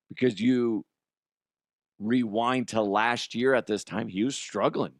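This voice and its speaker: A middle-aged man and show host telling a story in an animated way, jumping from loud outbursts to quiet asides. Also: mid-range voice, slow pace, long pauses, no echo, studio quality. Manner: excitable, swings from loud shouts to quiet asides.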